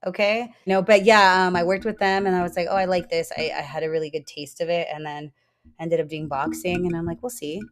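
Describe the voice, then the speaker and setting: A woman's voice: lowish voice, steady tone, a little fast. An American woman guest chatting animatedly in an interview, with lots of fillers. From United States. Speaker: guest, ring announcer. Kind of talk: casual interview chat.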